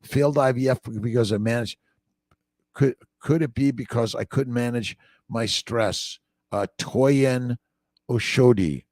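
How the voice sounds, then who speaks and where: A man's voice: medium pitch, measured pace, darkish tone, dry recording, studio quality. An older man, a doctor, hosting a casual morning livestream, upbeat and preachy, greeting viewers by name.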